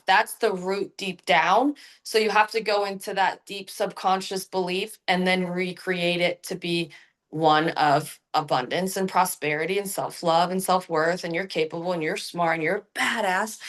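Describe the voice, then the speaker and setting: A young adult woman, a hypnotherapist, talking about healing in a casual, animated, slangy way. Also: mid-range voice. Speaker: guest hypnotherapist. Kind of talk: casual podcast chat.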